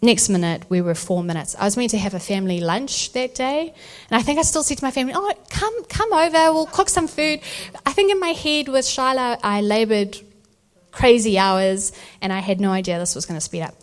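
A woman's voice: on the high side, brisk. A woman, telling a birth story as church testimony and acting out the voices of the people in it. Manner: animated storytelling, acts out voices. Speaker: speaker sharing a birth testimony. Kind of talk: testimony talk at a church event.

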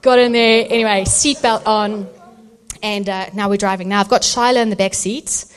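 A woman's voice: medium pitch, moderate pace, smooth. A woman, telling a birth story as church testimony and acting out the voices of the people in it. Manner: animated storytelling, acts out voices. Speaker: speaker sharing a birth testimony. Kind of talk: testimony talk at a church event.

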